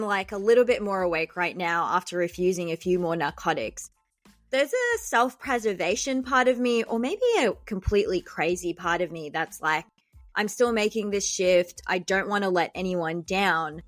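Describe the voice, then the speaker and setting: Speaking in an expressive mid-range voice at a moderate pace, a young woman who is a doctor and podcast host tells a dramatic, funny story that pokes fun at herself. The recording has no room sound, and faint music plays underneath.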